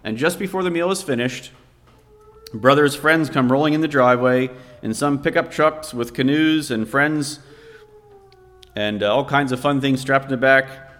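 A man's voice: medium pitch, normal speed, a bit bright. A man preaching a sermon, telling a family story to make his point. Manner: storytelling, vividly recounting a scene. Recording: long hall reverb.

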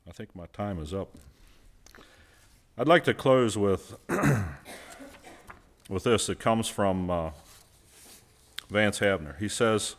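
A man's voice: on the low side, lively intonation, takes it slowly, pauses often. Man preaching a sermon, asking and answering. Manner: asks the congregation questions and answers them; stresses key words by repeating them.

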